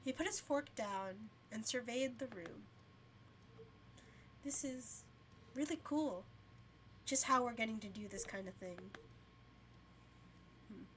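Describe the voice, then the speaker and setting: A high-voiced young woman streams herself reading a visual novel aloud, with slow, unhurried pacing. She chats casually between passages, yawns, and laughs often, while a faint hiss sits under the voice. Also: fairly bright tone.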